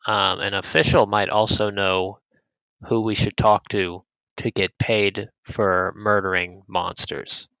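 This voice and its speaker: A man's voice: lowish voice, flat delivery, slow pace, bright, forceful tone, clean tone, dry recording, poor audio. A man playing a tabletop game, speaking in character politely and hesitantly with many fillers. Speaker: player.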